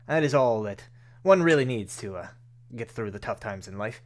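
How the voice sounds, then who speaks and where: A man voicing a courteous male noble who speaks formally and slowly, in a tabletop game. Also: lowish voice, animated, lightly acted. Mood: consoling. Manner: formal, measured, slow speech.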